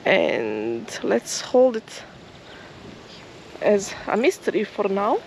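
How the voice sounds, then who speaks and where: A woman vlogging outdoors in a field, musing softly and hesitantly as she walks. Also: mid-range voice, big pitch swings, slow, creaky, a little hiss or hum. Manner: soft, musing, slightly hesitant. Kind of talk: casual outdoor vlog narration. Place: outdoors in a field near a forest.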